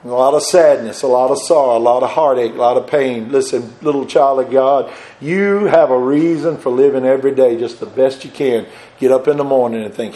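An older man preaching a sermon, moving from soft conversational asides to loud, fervent bursts. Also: mid-range voice, brisk.

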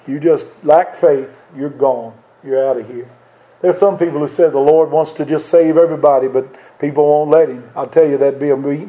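A man preaching a sermon, asking the listeners rhetorical questions and quoting old scripture. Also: a little high. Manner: earnest, rhetorical questions, quotes King James scripture. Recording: dull lo-fi sound.

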